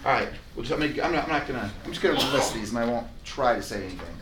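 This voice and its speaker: In a training room with a whiteboard, a man leads a live sales training for real estate agents, racing along in a mid-range voice. He's energetic and emphatic, acting out client conversations. Heavy background noise is present.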